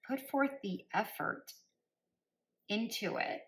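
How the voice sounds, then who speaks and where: A woman's voice: fairly low pitch, fairly even intonation, slow pace, fairly bright tone, rough recording. A woman giving a spoken tarot reading. She speaks directly to listeners by star sign and repeats phrases for emphasis in a coaching tone. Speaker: tarot reader.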